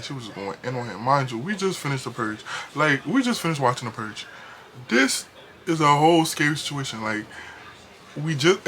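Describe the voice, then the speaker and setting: A young man telling a storytime vlog in an animated, casual way, laughing often. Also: mid-range voice, slight background noise. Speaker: vlogger.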